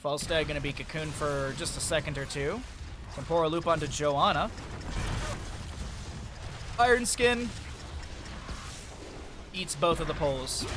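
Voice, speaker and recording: A man's voice: fairly high pitch, background noise. A young man from the American Midwest casting a live esports match, tired and chatty, turning aside to talk to his stream chat between plays. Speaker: esports caster. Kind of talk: live game commentary.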